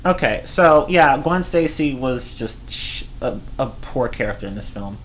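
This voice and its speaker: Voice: mid-range voice, lively intonation, unhurried, a little hiss or hum. A streamer ranting casually about movies, rambling and swearing, often breaking into laughter. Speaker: streamer reviewing films. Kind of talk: casual rant.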